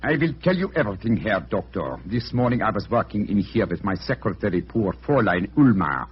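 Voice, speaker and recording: An actor playing a detective in disguise, putting on a German accent as a count, stiff and formal, in 1940s radio acting. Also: male voice, medium pitch, breathy edge. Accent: put-on German. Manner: stiff, formal, mock-courteous. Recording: dull old radio recording.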